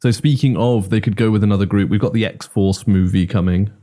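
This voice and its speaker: A man's voice: on the low side, brisk, warm tone. A man co-hosting a casual podcast chat about comic book films, joking wryly. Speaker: podcast co-host.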